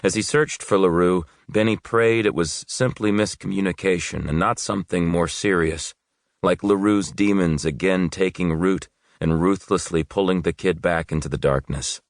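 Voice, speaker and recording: A deep-voiced narrator reads a thriller audiobook as scripted narration, in a steady, measured storytelling style. The studio sound is clean, with no room sound.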